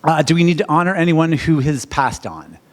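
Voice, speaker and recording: A middle-aged American man, a wedding officiant, presenting to a seminar audience in an animated, theatrical way, jumping to loud, high questions. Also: a little fast.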